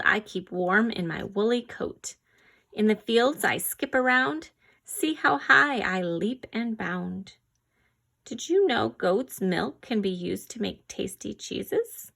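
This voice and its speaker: Slow, gravelly woman reading a picture book. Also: medium pitch. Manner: slow, gentle read-aloud with animal sounds and quiz questions. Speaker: reader.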